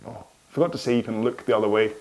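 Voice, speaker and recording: A man's voice: on the low side, steady tone, fast talker. A man leading a follow-along stretching cooldown, chatty and rambling, laughing at his own slips, speaking into a microphone close to his chin. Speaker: rowing and fitness instructor. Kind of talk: follow-along workout instruction. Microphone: microphone close in front of his chin.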